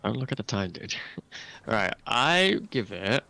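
A man's voice: on the low side, big pitch swings, slow, creaky, bright, forceful tone. A man chatting casually as a fellow player, laid-back and teasing. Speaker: guest player. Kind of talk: casual chat.

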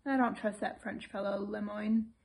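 A woman's voice: mid-range voice, steady tone, moderate pace, vocal fry, a little mellow, close to an everyday voice. A woman reading as a grumbling fussy old lord. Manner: plaintive, complaining.

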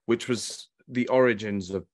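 A man's voice: fairly low pitch, fairly even intonation, a little slow, no room sound. A man, a writer and actor, chatting as an interview guest and telling stories with animation and chuckles. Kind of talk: casual chat on a video call.

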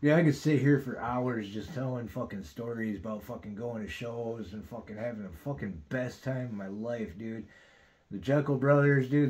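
A man's voice: mid-range voice, moderate pace, a little mellow. A rambling man in his thirties, telling a story on his own podcast. He talks loosely and casually, swears a lot and works "dude" into nearly every line. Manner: rambling, heavy swearing, says dude constantly. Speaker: podcast host.

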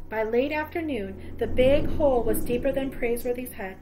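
A woman, a teacher, reading a children's novel aloud in a steady storytelling voice with a few small slips. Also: a little high, moderate pace, hardly any pauses, a little hiss or hum, rough recording. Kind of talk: children's book read-aloud.

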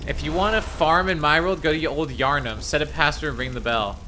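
Playful male game streamer, slightly high. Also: brisk, bright, forceful tone, slight background noise. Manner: playful, teasing, reads chat aloud. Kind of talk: casual live game commentary.

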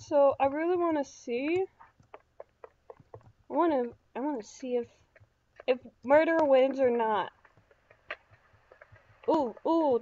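High-voiced excitable woman gaming. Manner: excitable, yelps and shrieks when startled. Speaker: gaming YouTuber. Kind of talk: casual gameplay commentary. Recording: slightly dull lo-fi sound.

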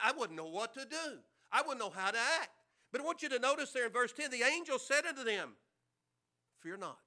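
A man's voice: high-pitched, bright, forceful tone. A man pastor preaching a sermon in a church, conversational, with rhetorical questions and repeated words.

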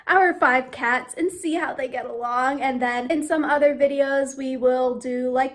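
Bubbly young woman vlogging, high voice. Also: dry recording. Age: young adult. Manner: bubbly, talks to pets in a high cooing voice. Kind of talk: casual vlog chat.

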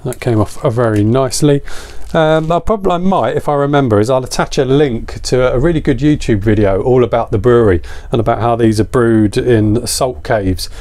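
A man's voice: medium pitch, a little fast, few pauses, a little mellow. A man, a little out of breath, chatting casually and enthusiastically as he reviews a beer on camera.

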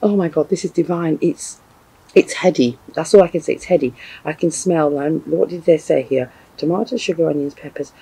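Gushing man, mellow and husky. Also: on the high side, fairly quick, low-quality recording. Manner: gushing and effusive, repeats exclamations. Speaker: food reviewer. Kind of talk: enthusiastic product review vlog.

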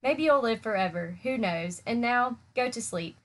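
A woman voicing a gentle, wise female spider in a storybook read-aloud, speaking calmly and soothingly. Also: a little high, moderate pace, lightly acted. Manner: calm, soothing, tired.

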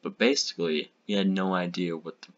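A man's voice: low-pitched, steady tone, a little fast, dull audio. A young man rambling and poking fun at his own old short films as a video host. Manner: rambling, self-mocking. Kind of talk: reaction commentary.

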